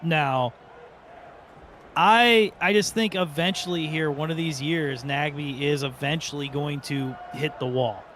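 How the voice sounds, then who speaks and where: A man co-hosting a soccer podcast, talking casually in a rambling, excitable way during a live watch party. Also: on the high side, a little slow, a little hiss or hum. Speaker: podcast co-host.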